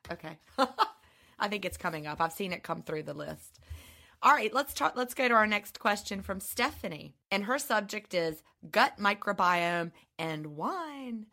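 A woman with a subtle Southern accent co-hosting a podcast, a bit hoarse, chatting and reading listener mail aloud. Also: mid-range voice, expressive, moderate pace, sharp tone. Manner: chatty, laughs often, reads letters aloud. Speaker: podcast co-host.

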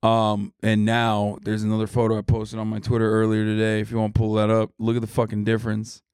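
A man's voice: lowish voice, monotone, brisk, darkish tone, clean tone, no echo, studio quality. A man talking casually as a podcast guest, blunt and profane, laughing often. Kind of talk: casual chat.

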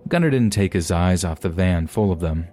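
Man, deep voice, mellow tone, calm narration of scary stories. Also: moderate pace, faint music behind. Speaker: podcast narrator. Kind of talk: scripted narration of submitted stories.

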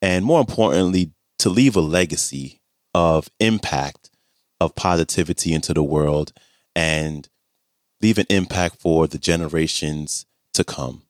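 A man with a very deep voice opens a show with a slow, measured scripted introduction to his guest. The sound is close and dry, with no room echo. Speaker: podcast host introducing a guest.

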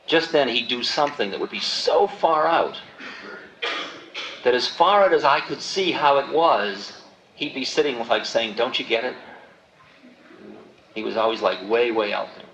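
A man in his forties tells a spiritual story with lively, acted-out voices. The old tape sounds roomy and dull, with a faint hiss behind him. His voice sits at a middle pitch. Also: normal speed. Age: 40s. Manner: animated storytelling, acting out quoted voices. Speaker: spiritual teacher. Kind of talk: storytelling talk.

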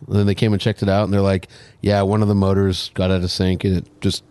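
A man co-hosting a casual chat, relaxed, with joking asides. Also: sits low, fast, clear, resonant tone, dry recording. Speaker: podcast co-host.

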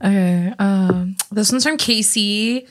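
A young woman co-hosting a podcast, reading out quotes sent in by listeners. She talks casually at a middling pitch and giggles often between lines. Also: slow. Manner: giggly, reads quotes aloud. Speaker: podcast co-host.

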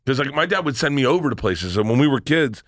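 A man's voice: mid-range voice, fast talker, no echo, clean studio sound. A man casually telling rambling, profane stories as a comedian guest on a podcast. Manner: rambling, profane, animated storyteller.

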